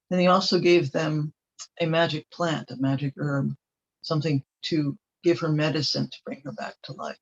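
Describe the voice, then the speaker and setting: Meandering male myth storyteller, muffled. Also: on the high side. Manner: meandering, with ums and restarts. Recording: dull lo-fi recording.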